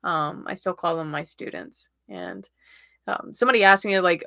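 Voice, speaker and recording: A woman's voice: on the low side, sing-song, normal speed, gravelly, fairly bright tone, no echo, studio quality. A middle-aged woman from Florida, a tarot reader chatting casually on her livestream and laughing often.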